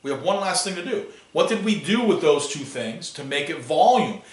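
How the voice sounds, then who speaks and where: A man teaching a classroom math lesson, animated and playful, asking students questions as he works. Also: on the high side, moderate pace. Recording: echoey classroom, voice from far off.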